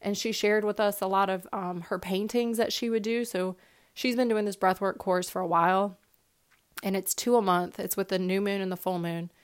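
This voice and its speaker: A woman's voice: mid-range voice, steady tone, moderate pace, clean tone. A young woman hosting a podcast, sharing a personal story in a heartfelt, casual way with many fillers and repeated words. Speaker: podcast host.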